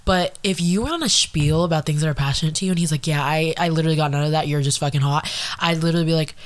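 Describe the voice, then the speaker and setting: A woman's voice: low-pitched, fairly even intonation, rapid-fire. A young woman co-hosting a podcast, chatting casually and reacting bluntly. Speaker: podcast co-host. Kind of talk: casual chat.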